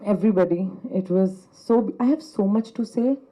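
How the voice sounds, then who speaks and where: A young actress from Punjab, giving a grateful, effusive stage speech at a press event, laughing between phrases. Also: female voice, medium pitch, brisk, warm tone. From Punjab, India. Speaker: actress at a trailer launch. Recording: dull lo-fi event audio.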